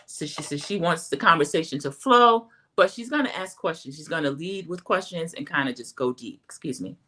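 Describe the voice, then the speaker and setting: A middle-aged woman hosts a casual recap of a reality show in a chatty, animated way. Her voice sits a little low. She keeps calling out to her viewers as she goes. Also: a little fast.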